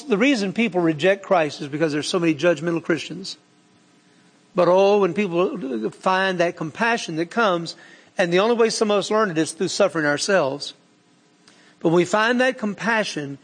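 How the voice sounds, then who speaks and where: A man delivers a sermon with a folksy, earnest manner. His voice sits notably high. It carries a long, lingering hall reverb. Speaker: preacher.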